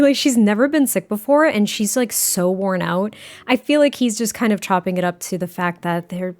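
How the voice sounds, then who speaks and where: A woman's voice: mid-range voice, normal speed. Chatty young woman narrating gameplay. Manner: chatty, filler-heavy, laughs often. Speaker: gameplay storyteller. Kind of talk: casual narrated gameplay storytelling.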